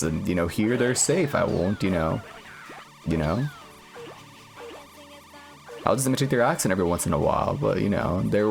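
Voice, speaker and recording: A man streaming a game and chatting casually, rambling with lots of filler words and deadpan jokes. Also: lowish voice, creaky. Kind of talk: casual gaming stream chat.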